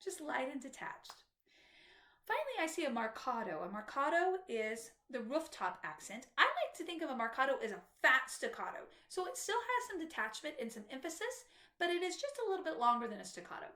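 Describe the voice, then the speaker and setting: A woman's voice: high voice, very animated, brisk, sharp tone, roomy sound. A woman flute instructor patiently explaining music to young students in a tutorial.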